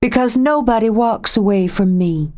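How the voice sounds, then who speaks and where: A woman voicing a hurt young woman who confronts her lover in a sharp, raised, accusing voice in an audiobook. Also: a little high, normal speed, voice pushed up, lightly acted. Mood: hurt, angry. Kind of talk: audiobook character voice.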